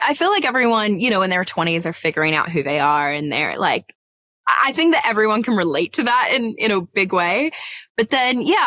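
A woman in her thirties speaks in an Australian accent with an American twang, her voice bright and forceful. She chats casually as an interview guest, laughing often and tripping over fillers and restarts, and the sound is dry and close. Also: fairly low pitch, no echo. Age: 30s. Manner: chatty, giggly, with many fillers and restarts. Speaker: actor guest.

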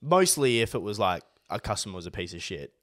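A man with an Australian accent, co-hosting a podcast, bantering and swearing in casual chat. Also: on the low side. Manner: fast, sweary, animated banter. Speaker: podcast co-host.

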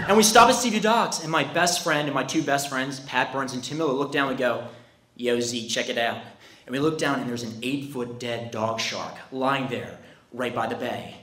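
A man's voice: medium pitch, fairly bright tone. A man from New Jersey telling a story live, out of breath and laughing through it. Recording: echoey room.

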